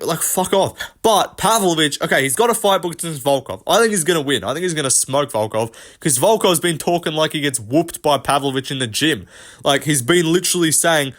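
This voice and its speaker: A young man hosting a fight commentary video, ranting fast and brashly with plenty of swearing and slang. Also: on the high side, lively intonation, a bit bright. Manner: profane, rapid, brash slang-heavy ranting. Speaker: host. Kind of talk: MMA commentary rant.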